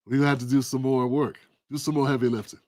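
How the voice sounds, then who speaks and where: A man hosting his own political commentary livestream, talking in an animated, preachy, colloquial way. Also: mid-range voice, fast talker, dry recording, studio quality. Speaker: livestream host.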